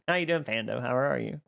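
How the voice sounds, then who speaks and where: Speaking into a boom mic, a live streamer chats casually with viewers, greets them by name and laughs often. The voice has vocal fry and a fairly bright tone.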